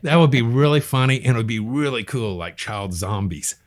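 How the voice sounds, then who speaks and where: A man riffing through a movie recap in casual podcast talk, his pitch swinging up and down as he goes. He laughs often and swears freely, clearly enjoying himself. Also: brisk. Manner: laughing, swearing, animated storytelling. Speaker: guest. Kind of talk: casual chat.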